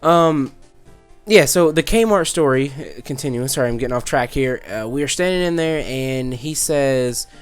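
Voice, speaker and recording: This is casual gameplay commentary with storytelling from a let's play host, a young man in his twenties with a clean, medium-pitched voice, lively intonation and normal speed. Faint music plays behind him as he narrates a rambling childhood tale about the game he's playing, often losing his thread mid-sentence.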